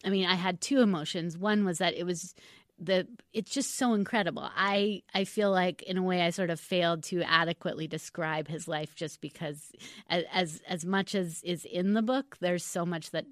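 A woman with a slightly low voice talks about her writing in a relaxed interview. She hesitates and restarts often but stays earnest. The sound is dry and close. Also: moderate pace, no echo. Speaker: author being interviewed. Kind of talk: casual interview talk.

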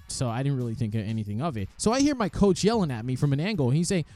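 A man casually telling the story of his amateur boxing match, lively and animated, acting out the quoted voices and swearing freely. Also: mid-range voice, racing, few pauses, soft background music.

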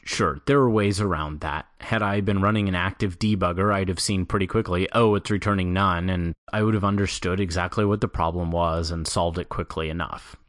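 A man hosting a solo podcast, talking in a measured, explanatory way with a light self-deprecating touch. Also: low-pitched, fairly even intonation, fairly bright tone, dry recording, clean studio sound. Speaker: podcast host. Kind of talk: solo scripted podcast monologue.

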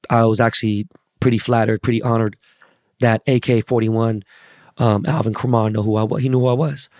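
A man hosting his podcast with a hoarse, worn-out voice from yelling, talking casually, bluntly and with lots of swearing. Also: medium pitch, steady tone, a little fast, no echo, clean studio sound. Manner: blunt, swears a lot, rambling. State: hoarse, lost voice. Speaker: podcast host. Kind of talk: casual profane podcast monologue.

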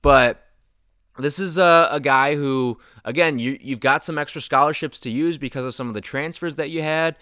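A young man hosting a casual sports talk show, animated and excitable, his voice jumping up when he gets worked up. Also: a little high, moderate pace, smooth, no echo, studio quality.

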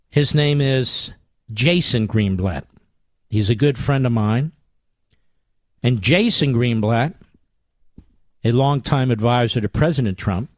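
Sarcastic, combative talk radio host. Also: male voice, medium pitch, a little mellow, dry recording, studio quality. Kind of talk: political talk radio monologue with ad reads. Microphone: studio microphone.

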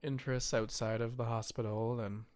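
A man's voice: medium pitch, level tone, moderate pace, a little mellow. Chatty man hosting a podcast. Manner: chatty, jokey, wraps up. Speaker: podcast co-host. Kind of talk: casual chat.

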